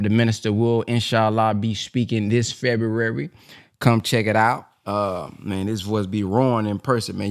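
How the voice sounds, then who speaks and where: A man hosting a casual talk show, joking and slangy in his speech. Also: mid-range voice. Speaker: host. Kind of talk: casual chat.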